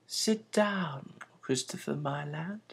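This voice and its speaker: Soft-spoken old magician guy done by the reader, slow formal words, quiet authority, voice swoops around a lot. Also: medium pitch, big pitch swings, slight background noise, exaggerated voice. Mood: calm, commanding. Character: old male magician shopkeeper, soft, commanding.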